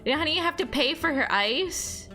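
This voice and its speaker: A young woman streams and chats casually with her viewers, reading their chat aloud, rambling with lots of fillers and laughing along the way. Her high-pitched voice is expressive and sharp, at a normal speed, with faint music in the background.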